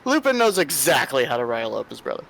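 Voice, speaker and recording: A man's voice: medium pitch, big pitch swings, fast, creaky, fairly bright tone. A man playing a tabletop game, joking around and swearing freely. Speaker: player. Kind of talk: casual tabletop play.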